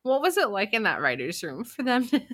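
A woman's voice: mid-range voice, big pitch swings, fairly quick, fairly bright tone, dry recording, clean studio sound. A young woman chatting casually as a podcast co-host, curious and musing aloud. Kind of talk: casual chat.

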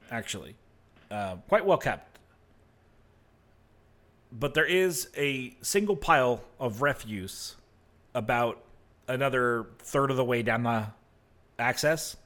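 A man narrating as game master of a tabletop game, relaxed and hesitant with many fillers. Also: mid-range voice.

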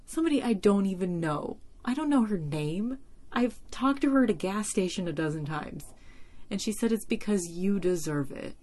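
A woman's voice: on the low side, darkish tone. A young woman hosting a solo podcast, talking casually and emotionally with many fillers, close to tears. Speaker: podcast host.

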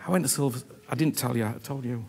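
A man preaching a sermon, earnest and animated, repeating himself and often asking whether he is understood. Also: mid-range voice, fast, gravelly.

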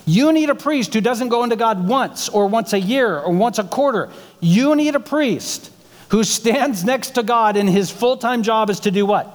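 High-voiced pastor preaching in a hall. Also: male voice. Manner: conversational preaching with rhetorical questions. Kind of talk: sermon. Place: church sanctuary.

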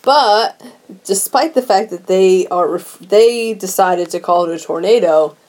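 A woman co-hosting a movie podcast, tossing in quick reactions and wry asides. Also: mid-range voice, darkish tone. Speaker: podcast co-host. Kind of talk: casual movie chat.

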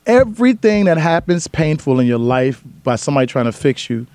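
Fast-talking animated male comedian. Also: fairly high pitch, no echo. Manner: fast, animated storyteller acting out voices. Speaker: comedian guest. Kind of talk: casual interview talk.

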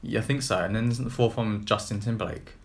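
A man on a film podcast in casual chat, telling quick animated anecdotes. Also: lowish voice, gravelly.

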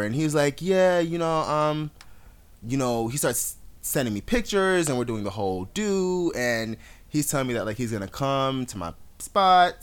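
A man's voice: mid-range voice, very animated, measured pace, clear, resonant tone. A man co-hosting a podcast, telling a story dramatically and acting out the quotes in casual chat. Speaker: podcast co-host.

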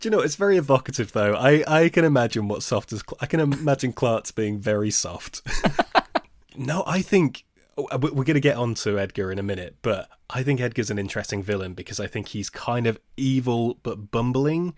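A man co-hosting a casual film podcast, chatty and quick to laugh with jokey asides. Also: medium pitch, animated, no echo, clean studio sound. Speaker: podcast co-host.

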